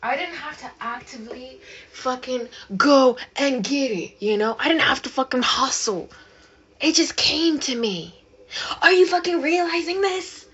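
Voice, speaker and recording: A woman's voice: high voice, a little slow, a bit bright, husky, lo-fi sound. A woman vlogger ranting casually and emphatically, cursing often and rambling as she talks. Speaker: manifestation vlogger.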